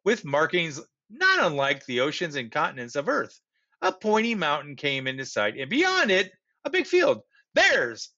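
A teacher reads a children's storybook aloud with expressive narration. His voice is high, bright and lively, and he takes an unhurried pace. The recording is dull and lo-fi.

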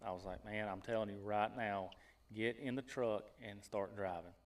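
A man hosting a casual podcast, telling a hunting story in a lively way and laughing as he goes. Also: fairly low pitch, normal speed.

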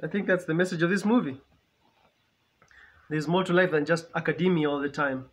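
Chatty higher-voiced male movie reactor. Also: fairly even intonation, brisk, a little hiss or hum. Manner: chatty, repeats phrases, laughs often. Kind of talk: casual reaction commentary.

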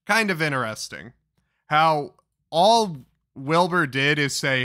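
Male commentator, bright slightly high voice, slow and mocking, swears a lot. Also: animated, dry recording, studio quality. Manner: profane, mocking. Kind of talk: reaction commentary.

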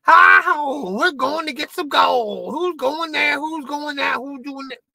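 A cranky old prospector, shrieking high. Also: male voice, takes it slowly, vocal fry, pushed and bright, full character voice. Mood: agitated. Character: cranky old male gold prospector, shouting.

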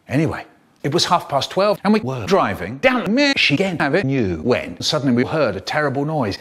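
An older Englishman spins a comic tale, his voice leaping wildly up and down. It sits a touch high for a man and shifts sharply between quiet asides and loud outbursts. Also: a little fast, breathy edge. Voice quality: expressive, animated delivery. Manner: theatrical, big swoops between voices. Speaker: storyteller. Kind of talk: spliced comic storytelling.

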